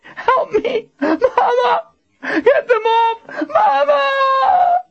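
A man voicing a terrified young woman captive, shrill and hysterical, in a storybook reading. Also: slow pace, lo-fi sound.

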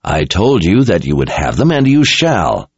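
A man's voice: deep voice, wildly swooping pitch, moderate pace, breathy edge, dry recording, exaggerated voice. A man voicing a haughty, arrogant male sorcerer who drawls his words. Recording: dull lo-fi recording.

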